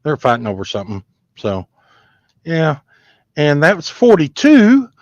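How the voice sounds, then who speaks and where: A man's voice: fairly high pitch, huge pitch swings, a little slow, no room sound. Folksy male stream host, rambling and chatty, dry lo-fi sound. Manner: rambling, folksy, chats to viewers. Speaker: comic book collector hosting a live stream. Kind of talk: casual live-stream show-and-tell.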